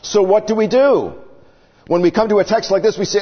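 A man's voice: high-pitched, a little fast. A man preaching a sermon, acting out the people in the story with dramatic swings in his voice. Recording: dull sound with long reverb.

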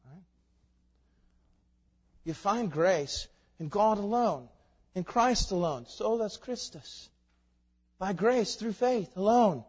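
A pastor preaching a sermon, shifting from quiet conversational asides to loud, emphatic, building climaxes. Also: male voice, sits high, expressive, takes it slowly, pauses often, slightly rough. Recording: long reverb, dull lo-fi sound.

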